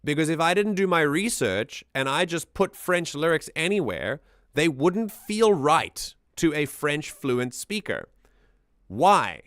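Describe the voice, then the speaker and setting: A man's voice: fairly high pitch, a bit bright, no room sound, studio quality. A man hosting a casual music analysis, explaining things in a chatty way with lots of fillers and restarts. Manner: hums and sings examples to show rhythm.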